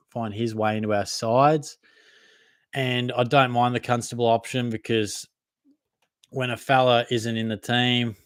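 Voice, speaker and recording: A man's voice: mid-range voice, dry recording. Australian man, young adult, casual matey host, answers live comments, dry close sound. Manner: casual, matey, laughs at himself. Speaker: fantasy football podcast host. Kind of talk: live Q&A reading viewer comments.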